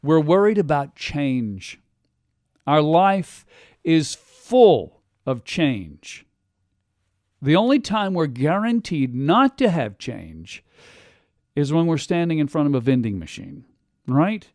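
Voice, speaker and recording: A man hosting a radio talk show, delivering an animated monologue and acting out quotes in other voices. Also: a little high, takes it slowly, dry recording, studio quality. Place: radio studio.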